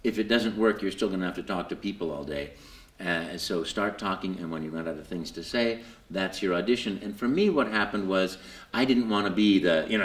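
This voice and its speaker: A man being interviewed at a convention, telling his story with lots of fillers and jumping into high put-on voices for quotes. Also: fairly quick, fairly bright tone, roomy sound. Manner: lots of fillers and repeated words. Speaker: voice actor guest. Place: convention hall.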